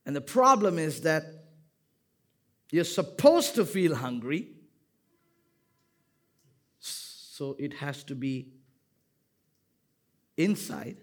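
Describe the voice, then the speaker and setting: A man preaching a sermon, building repeated lines to loud emphatic peaks and dropping to quiet asides, with some playful banter with the congregation. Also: a little high, sing-song, slow pace, pauses often. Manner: repetitive rhetorical cadence. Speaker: pastor.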